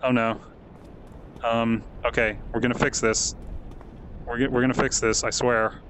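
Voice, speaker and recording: Male streamer, middle pitch, talks to chat and gets excited at what he sees, via headset mic. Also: normal speed, slight background noise. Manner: chatty, thanks chat viewers by name; excitable, easily amazed. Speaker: game streamer. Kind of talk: live game stream commentary.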